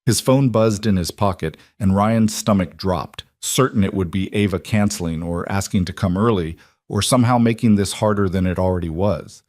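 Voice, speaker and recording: A man narrating an emotional story in a calm, measured, scripted reading. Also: low voice, no echo, studio quality.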